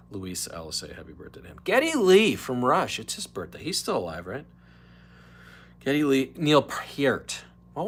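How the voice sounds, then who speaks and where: A man's voice: lowish voice, a bit bright, slight background noise. A man hosting a casual solo live stream, chatting in a rambling way and dropping into mock whispers and voices.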